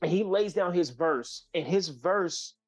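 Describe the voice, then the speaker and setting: Animated storytelling man from California. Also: high voice, a little slow, soft background music. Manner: loose and animated, many fillers and restarts. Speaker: guest musician. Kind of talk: casual storytelling.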